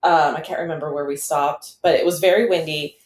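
A woman casually chatting as a podcast co-host, telling travel stories with lively acted-out reactions and frequent swearing. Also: deep voice, fairly quick. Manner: animated storyteller, swears freely, acts out her own reactions. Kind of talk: casual chat. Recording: roomy echo.

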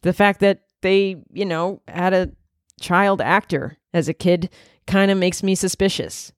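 A woman's voice: on the low side, unhurried, no echo, studio quality. A woman in her thirties hosting a solo podcast, chatting casually in a candid, rambling way with plenty of swearing and filler words. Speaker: podcast host.

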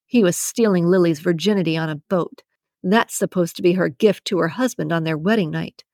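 Woman voicing old man, low, trembling, indignant, prudish, dry close sound. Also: a little fast, a little mellow, no echo. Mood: scornful. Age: older.

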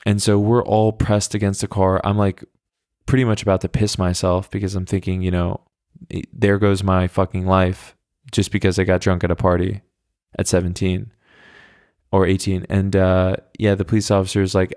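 A man's voice: low voice, monotone, moderate pace, darkish tone, no echo, studio quality. A young man in his twenties hosting a podcast, telling a long story in a rambling, wry way with plenty of swearing. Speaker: podcast host. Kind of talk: casual storytelling monologue.

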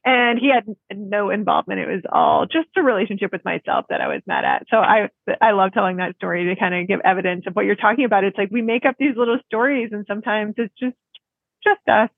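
A podcast host telling a personal story in a lively, laughing way. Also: medium pitch, fast, vocal fry, breathy edge, no echo. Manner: animated storyteller, laughs easily. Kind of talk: casual conversation. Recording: tinny phone-like line.

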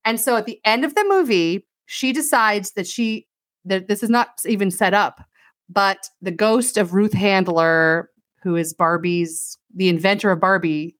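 A woman's voice: on the low side, no echo, studio quality. A woman co-hosting a podcast, sardonically retelling a film in casual chat, saying "like" often and acting out the lines she quotes. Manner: sardonic, animated storytelling with acted-out quotes; says "like" very often. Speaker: podcast co-host.

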